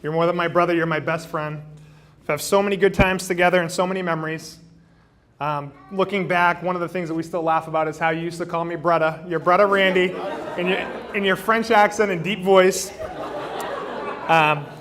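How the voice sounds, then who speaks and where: A man's voice: high-pitched, steady tone, brisk, a bit bright. A man in his thirties giving a best man toast at a wedding reception on a handheld microphone, joking at his own expense and often restarting his sentences. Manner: joking, self-deprecating, with frequent fillers and restarts. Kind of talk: wedding toast to a live crowd. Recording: noisy wedding reception recording.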